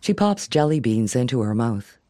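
Man reading mellow audio description. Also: medium pitch, moderate pace. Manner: even, neutral delivery.

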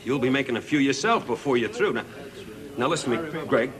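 A man's voice: mid-range voice, a little fast, crowd noise, close to an everyday voice. An actor playing a rich, lonely middle-aged father in a sitcom, pleading with his estranged son over the phone and then covering it with forced bluster. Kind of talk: sitcom acting. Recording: studio audience laughter.

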